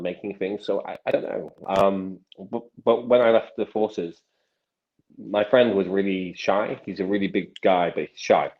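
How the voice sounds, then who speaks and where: Man, 30s, low voice, chatty magician guest, rambling storyteller, dull recording. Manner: rambling storyteller with many restarts and acted quotes. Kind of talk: casual interview chat.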